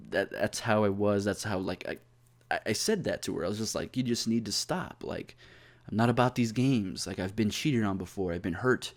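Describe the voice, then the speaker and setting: A young man telling a personal story in a casual vlog, rambling and profane, full of fillers and restarts. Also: on the low side. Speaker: YouTuber.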